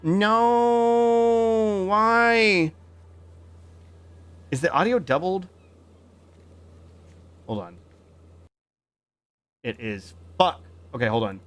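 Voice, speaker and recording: Streamer, man, mid pitch, lively up-and-down delivery, rambly and playful, faint game music behind. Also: slow, pauses often, no room sound. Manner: rambling, playful, heavy on repeated fillers. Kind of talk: casual livestream chat while gaming.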